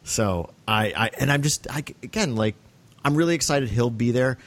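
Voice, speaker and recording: A man's voice: mid-range voice, animated, moderate pace. A man, co-hosting a podcast in casual chat, enthusiastic and rambling with many restarts. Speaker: podcast co-host.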